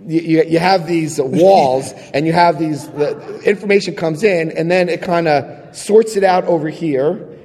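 A man sharing his recovery story with a live audience, telling it in an animated, chatty way, acting out scenes and checking in with his listeners. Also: a little high, slightly rough, big-room sound. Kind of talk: personal testimony to a live audience.

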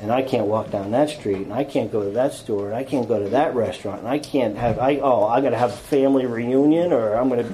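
A man telling his own recovery story to an audience in a rambling, self-deprecating way, full of restarts and quick impressions of other people. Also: medium pitch, mellow, a little hiss or hum, rough recording. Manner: acts out others with quick quoted voices. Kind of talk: personal recovery talk to an audience.

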